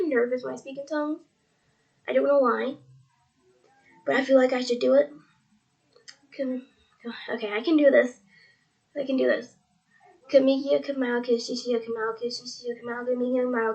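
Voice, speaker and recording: High-voiced teenage girl, earnest and tearful. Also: vocal fry, lo-fi sound. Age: teens. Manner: earnest, rambling, repeats "he's like". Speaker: religious vlogger. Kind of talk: earnest faith vlog.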